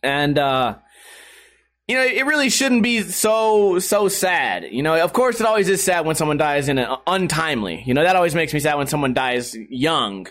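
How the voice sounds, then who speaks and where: A man's voice: on the high side, sing-song, normal speed, a bit bright. A man hosting a podcast, telling a story in a casual, profane way and laughing often. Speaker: podcast host.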